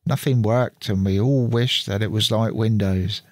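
A man's voice: fairly low pitch, fairly even intonation, measured pace, darkish tone, dry recording. A man chatting casually as he walks through a computer setup on screen, thinking aloud as he works, recorded on a studio mic through an audio interface. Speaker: channel host.

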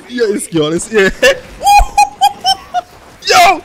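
A man hosting an anime reaction, swearing freely and breaking into shouts and laughter between calmer remarks. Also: high voice, slow pace, loud music behind the voice. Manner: excitable, profane, bursts into shouts and laughter. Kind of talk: live reaction commentary. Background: faint anime soundtrack playing.

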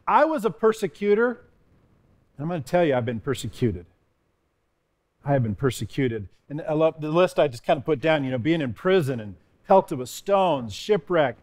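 A man as a pastor giving an earnest devotional sermon, reading scripture with rising emphasis. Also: fairly high pitch.

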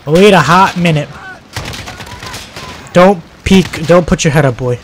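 A man giving live commentary as he plays a shooter game, swinging between shouting at enemies and muttering to himself. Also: a little high, measured pace, slight background noise. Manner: excitable, yelps and shouts at enemies, then mutters. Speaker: gaming channel host.

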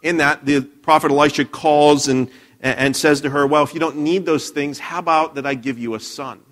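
A male pastor preaches in church with a somewhat high voice. He retells the story in a chatty way, stumbling and restarting mid-sentence. He often turns to the congregation with questions. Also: steady tone, normal speed, a bit bright. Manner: conversational storytelling, frequent restarts. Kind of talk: sermon.

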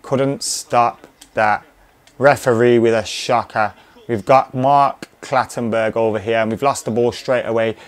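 A man's voice: medium pitch, fairly even intonation, a little slow. A young man giving casual commentary while playing a video game, cheering and swearing at the action. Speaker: gaming commentator. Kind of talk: casual live gameplay commentary.

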